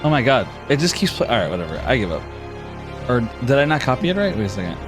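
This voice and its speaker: A man's voice: mid-range voice, sing-song, fast talker, over music. A man narrating as game master, casual and rambling. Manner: casual, rambling, self-deprecating.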